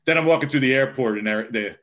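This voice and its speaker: Sports reporter, male, bright and forceful delivery, casual, filler-heavy storytelling. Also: medium pitch, rapid-fire. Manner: rambling, lots of fillers.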